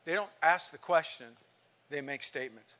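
A man preaching a sermon, spinning a personal story and pausing to quiz his congregation. His voice sits fairly high and sounds bright and forward. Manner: storytelling, asks the congregation questions.

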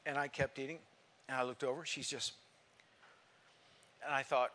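Bright-voiced preacher telling a story. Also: male voice, mid-range voice, level tone, moderate pace, pauses often. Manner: storytelling, asks the congregation questions. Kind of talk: sermon storytelling.

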